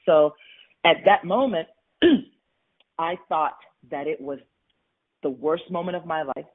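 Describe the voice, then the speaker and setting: Over a phone line, a money coach appears as a guest on a radio interview, telling her personal story candidly and emphatically with tumbling restarts. Her voice sits low and is husky and slow, with lively intonation.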